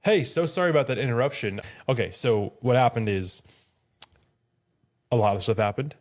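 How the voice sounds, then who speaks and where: A man's voice: medium pitch, moderate pace. A man co-hosting a podcast, chatting casually and rambling with plenty of fillers. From Florida. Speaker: podcast co-host. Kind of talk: casual chat.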